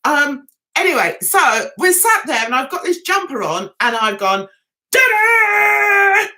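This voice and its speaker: A woman's voice: high voice, very animated, normal speed, pushed and bright. A middle-aged woman hosting a casual livestream, telling a story in a chatty way and laughing often. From England. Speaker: livestream host.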